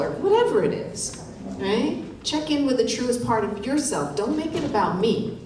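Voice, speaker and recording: A woman's voice: on the high side, big pitch swings, moderate pace. A woman leading a wellness workshop, coaching the room and checking in with "right?" after her points. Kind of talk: live workshop presentation. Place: conference hall. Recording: very echoey hall, distant mic, faint noise.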